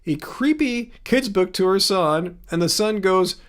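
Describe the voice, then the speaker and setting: A man hosting a casual livestream from his home studio, chatting with viewers and reading their comments aloud, thinking out loud with frequent restarts. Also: high voice, animated, measured pace. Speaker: livestream host.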